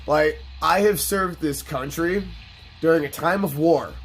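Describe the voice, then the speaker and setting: A man's voice: on the high side, measured pace, fairly bright tone, faint music behind. A man in his thirties hosting a gaming channel, telling stories in a blunt, boastful and profane way. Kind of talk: casual storytelling over gameplay.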